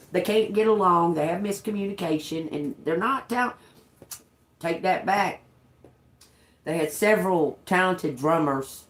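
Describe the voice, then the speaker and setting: Low-voiced laughing woman telling stories. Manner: laughs often, swears freely, rambling. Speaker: livestream host. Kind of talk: casual storytelling. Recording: echoey room.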